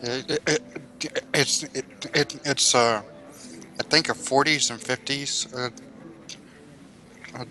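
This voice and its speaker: A man's voice: mid-range voice, steady tone, slow pace, long pauses, bright, forceful tone, faint music behind. A man playing a cleric in an online tabletop game, talking hesitantly with stammers. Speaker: player. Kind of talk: casual tabletop game chat.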